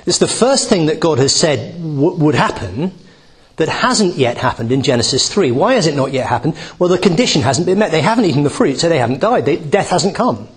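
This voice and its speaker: A man's voice: fairly high pitch, sing-song, brisk, slightly rough. A man giving a Bible teaching talk, reading a passage and explaining it with many restarts and asides. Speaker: preacher.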